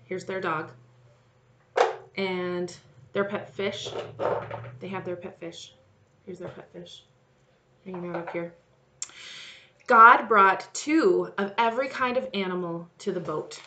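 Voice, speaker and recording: A woman leading a children's message, telling a story to kids in an animated way and speaking to them directly. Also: on the low side, slow, long pauses, heavy background noise.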